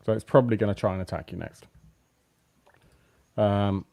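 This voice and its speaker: A man running a tabletop role-playing game as game master, relaxed and hesitant with many fillers. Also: fairly low pitch, moderate pace, gravelly. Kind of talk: running a tabletop game over a live stream.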